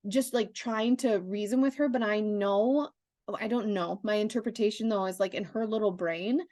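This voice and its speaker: Candid, animated woman on a podcast. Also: mid-range voice, moderate pace, no echo, studio quality. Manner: candid, animated storytelling with frequent "like" and restarts. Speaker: podcast co-host. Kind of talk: casual chat.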